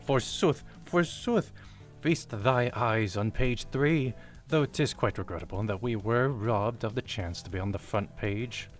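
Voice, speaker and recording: A man voicing an exuberant young female knight who speaks in drawn-out archaic phrases, in a fan reading of a game story. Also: medium pitch, faint music behind, lightly acted. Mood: grandiose. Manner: grandiose, drawn-out old-fashioned phrasing.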